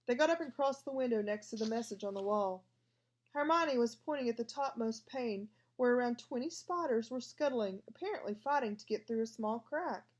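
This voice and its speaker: A woman's voice: fairly high pitch, normal speed, lo-fi sound. A woman narrating a storybook aloud and voicing every part herself. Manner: reads all parts herself. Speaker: audiobook reader.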